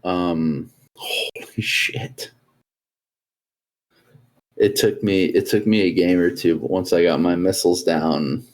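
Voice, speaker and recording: A man co-hosting a casual gaming podcast, relaxed and joking, a little sleepy and yawning as he acts out other players. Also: sits low, normal speed, hardly any pauses. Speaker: podcast co-host.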